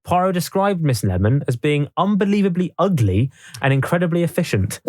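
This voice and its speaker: A man hosting a podcast, explaining history from notes in a relaxed, casual chat. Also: on the high side, brisk, dry recording. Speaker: podcast host.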